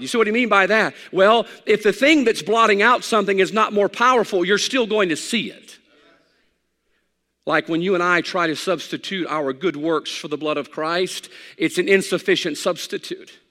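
A man's voice: high-pitched, moderate pace, bright, forceful tone. A man preaching a sermon as pastor, telling folksy stories and rising with emphasis at key points. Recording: long hall reverb.

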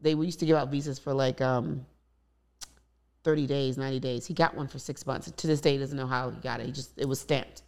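A woman's voice: rumbling low, fairly even intonation, brisk, creaky, a little mellow. A woman in candid conversation, telling personal stories openly with many asides. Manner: open, storytelling with many asides. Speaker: guest.

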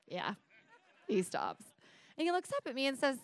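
A young woman spins a bawdy comic tale with a fairly high voice and lively, animated delivery. She slips into voiced asides as she goes. The sound is close and dry, with no room echo. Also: takes it slowly, gravelly. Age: young adult. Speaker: storyteller. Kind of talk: comic storytelling.

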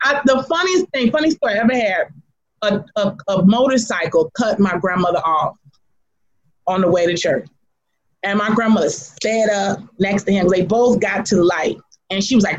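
A woman being interviewed as a guest, telling stories in an animated, laughing way and talking frankly about motherhood. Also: mid-range voice, brisk. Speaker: guest, artist and teacher. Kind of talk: casual storytelling interview. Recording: dull lo-fi sound.

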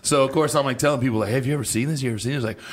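A man's voice: medium pitch, very fast, slightly rough. A man co-hosting a casual radio chat show, telling stories animatedly and acting out both sides of phone calls. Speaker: co-host. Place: radio studio.

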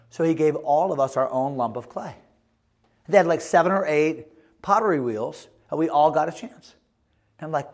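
A man preaching a sermon as pastor, emphatic, swinging between loud exhortation and quiet earnest asides. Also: on the high side, animated, brisk. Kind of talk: energetic sermon to young people.

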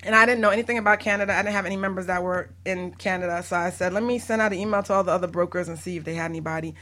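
A woman, a barter exchange broker, chatting casually on a podcast, animated and laughing often. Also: on the low side, rapid-fire.

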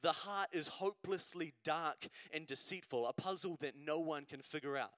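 A man's voice: on the high side, normal speed, a bit bright, no echo, clean studio sound. A man preaching a sermon at a church service in a conversational way, often checking in with the congregation and building to emphatic repetition.

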